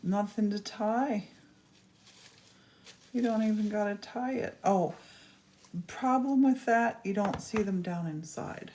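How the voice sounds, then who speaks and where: A woman's voice: medium pitch, slow, pauses often, darkish tone, a little hiss or hum. A woman hosting a casual crafting demonstration, chatty and gushing as she works. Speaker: craft host.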